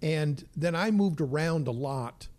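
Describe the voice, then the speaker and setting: A man's voice: fairly high pitch, lively intonation, a little slow, a little mellow. An older man, a comedian guest, telling stories in a rambling, stop-start way with many repeated words. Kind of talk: casual storytelling chat.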